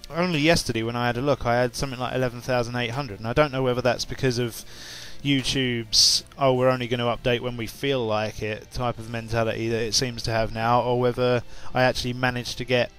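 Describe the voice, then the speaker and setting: A man's voice: medium pitch, fairly even intonation, fast, few pauses, a bit bright, soft background music. A young English man with an English accent chatting casually to his viewers, rambling with lots of fillers and restarts. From England. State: just woken up and tired, with hiccups. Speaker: YouTuber. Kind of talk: casual chat to camera.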